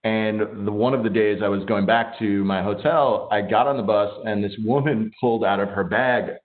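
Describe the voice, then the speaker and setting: A man's voice: on the low side, fairly even intonation, normal speed. Easygoing man telling stories, tinny line. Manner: easygoing, anecdotal. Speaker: audiobook producer. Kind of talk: casual storytelling on a video call. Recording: tinny phone-like audio.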